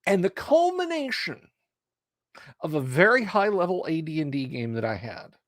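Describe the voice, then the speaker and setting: A middle-aged man hosting a casual livestream, rambling and hyping up his viewers with lively storytelling. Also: on the high side, normal speed, no room sound, studio quality. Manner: animated, hype-building and rambling. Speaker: livestream host.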